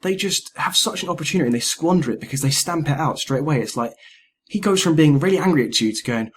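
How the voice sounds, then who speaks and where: A man's voice: medium pitch, quick pace. A man chatting casually about video games on a podcast, acting out characters' lines as he goes. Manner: animated, acts out quoted lines. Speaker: podcast host. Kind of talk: casual gaming chat.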